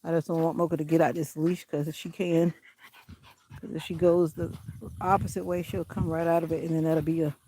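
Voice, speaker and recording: A woman's voice: low-pitched, flat delivery, a little fast, mellow, a little hiss or hum. A woman vlogging casually while walking her dog outdoors on a country road, chatting and giving the dog firm commands. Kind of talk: casual walking vlog commentary.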